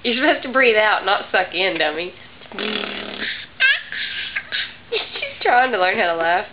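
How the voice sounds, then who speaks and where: A woman's voice: mid-range voice, expressive, measured pace. A mother talking to her baby in coaxing, teasing baby talk on a home video. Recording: dull lo-fi home video with background noise.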